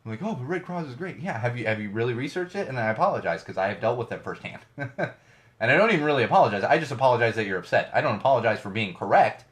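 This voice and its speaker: A man's voice: medium pitch, lively intonation, racing. A middle-aged man hosting his own podcast from a home studio, giving ranty, digressive solo commentary with lots of emphasis. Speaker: podcast host.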